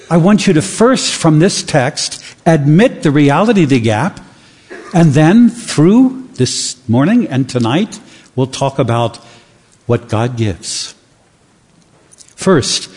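A man's voice: fairly high pitch, darkish tone, breathy edge, long reverb tail. A man preaching a sermon, earnest and building to emphatic questions.

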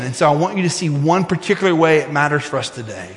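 High-voiced preacher in an echoing hall. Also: male voice, expressive, quick pace, hardly any pauses. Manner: impassioned preaching, rising to shouts and dropping to hushed prayer. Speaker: pastor. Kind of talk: sermon. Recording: echoey hall with long reverb.

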